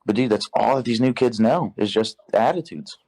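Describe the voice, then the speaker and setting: A young man telling a work story in casual podcast chat, profane and animated, acting out the dialogue. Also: mid-range voice, normal speed. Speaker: podcast guest.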